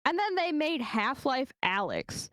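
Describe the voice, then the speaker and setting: A woman's voice: high-pitched, sing-song, unhurried, fairly bright tone. A young adult woman chatting as a podcast guest, blunt and profane, laughing often. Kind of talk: casual chat.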